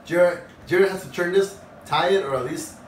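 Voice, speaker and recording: A man hosting a video game session, excitable and jokey, laughing and trash talking. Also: high voice, moderate pace. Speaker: gamer host. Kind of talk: excitable gameplay chat. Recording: echoey room, far from mic, game crowd behind.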